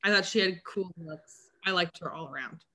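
A bright, crisp-sounding voice talks in a loose, casual chat. The speech is full of fillers and offhand swearing, in the tone of an easygoing co-host. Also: medium pitch, normal speed. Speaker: podcast co-host.

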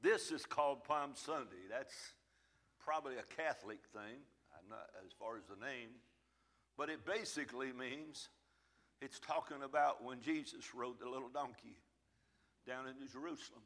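Forceful, emphatic male preacher. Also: medium pitch, normal speed. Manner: emphatic preaching that swells and drops in volume; folksy, plain-spoken phrasing. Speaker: pastor. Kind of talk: sermon. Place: church.

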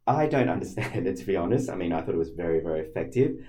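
Man, deep dark voice, casual series chat, talkative, frequent fillers. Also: sing-song, racing. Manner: chatty, laughs often, frequent "you know" and "um". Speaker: podcast co-host. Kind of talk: casual conversation about a TV series.

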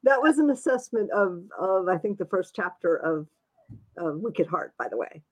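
A woman's voice: lowish voice, lively intonation, normal speed. A woman author chatting casually, talkative and self-deprecating, laughing often. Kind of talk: casual chat.

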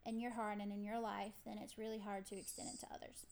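A woman's voice: mid-range voice, level tone, quick pace, vocal fry, darkish tone. A woman co-hosting a faith podcast, supportive and affirming as she shares her view. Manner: supportive, affirming with frequent amens. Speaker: podcast co-host. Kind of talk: casual faith talk.

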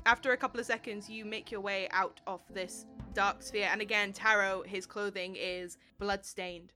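A woman narrates a tabletop game as game master in a friendly manner. Her voice is bright and sharp. Faint music plays underneath. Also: medium pitch, steady tone, moderate pace.

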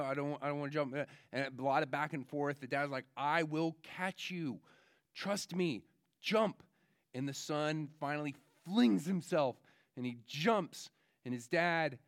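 A man preaching a children's sermon as pastor, telling stories in a lively, chatty way with many fillers. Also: medium pitch, smooth, dry recording, studio quality. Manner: animated storytelling, many fillers.

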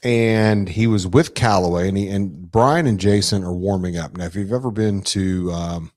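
A man's voice: sits low, moderate pace, a little mellow. A man chatting casually, telling a long anecdote in a rambling way, swearing freely and restarting his sentences often. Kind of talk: casual chat.

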